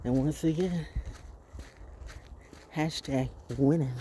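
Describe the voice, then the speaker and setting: A woman's voice: low voice, slow, mellow, a little hiss or hum. A woman in her sixties musing in a rambling, reflective monologue outdoors, often asking rhetorical questions. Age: 60s. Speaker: vlogger. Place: outdoors by a fenced yard with dogs.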